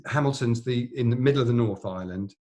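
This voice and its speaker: A man's voice: medium pitch, a little fast, warm tone. A middle-aged man, a plastic surgeon co-hosting a podcast, telling long anecdotes in casual chat with lots of fillers and restarts.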